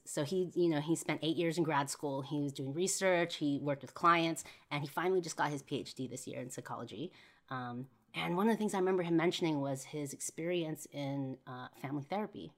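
A woman's voice: deep voice, a little fast. A young woman hosting a podcast, telling a personal story in a rambling way full of "you know" and "like". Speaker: podcast host.

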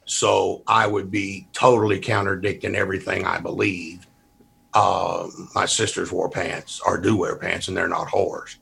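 A man's voice: deep voice, little pitch movement, unhurried, creaky, a bit bright, a little hiss or hum. A middle-aged pastor, arguing his case in a fervent, folksy preaching cadence. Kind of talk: heated debate.

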